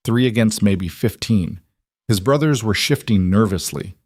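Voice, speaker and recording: A male narrator reading a dramatic scripted story in a measured way. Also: fairly low pitch, lively intonation, a little mellow, husky, no echo, studio quality.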